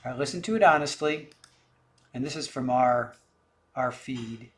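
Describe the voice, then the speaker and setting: A man's voice: mid-range voice, unhurried, a little hiss or hum. A man hosting a livestream who speaks directly to viewers in casual commentary, sounding irritated.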